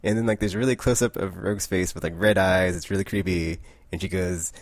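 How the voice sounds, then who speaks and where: A man's voice: deep voice, fairly even intonation, brisk, few pauses, dry recording. A man casually recapping a comic book, rambling with lots of "like" and frequent self-corrections.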